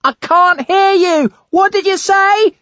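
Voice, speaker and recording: A man voicing a young British woman student who is tipsy and dizzy, in a light falsetto. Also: steady tone, normal speed, dry recording, lo-fi sound. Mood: shouting.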